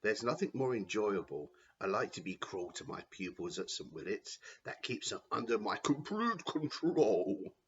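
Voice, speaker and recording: A man's voice: on the low side, sing-song, normal speed, hardly any pauses, dull audio. A man voicing a cruel, power-hungry headmaster who boasts gleefully in a storybook reading. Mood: boastful.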